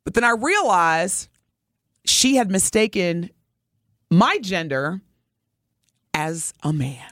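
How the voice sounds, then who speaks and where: Animated middle-aged woman storyteller. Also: lowish voice, slow, pauses often, no echo, clean studio sound. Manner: animated, expressive storyteller addressing listeners directly. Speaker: podcast co-host. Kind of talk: casual storytelling.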